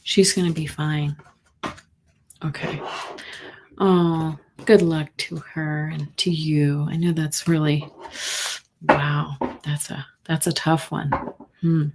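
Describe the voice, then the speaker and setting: A middle-aged woman hosting a live tarot reading stream, talking gently and sympathetically with many pauses and fillers. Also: low voice, flat delivery, background noise. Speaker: intuitive reader, host.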